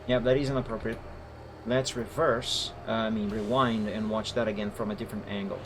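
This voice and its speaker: A man's voice: fairly low pitch, fairly even intonation, a little fast, noisy background. A man streaming live who moderates a game server and methodically explains recorded gameplay footage step by step. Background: faint background music.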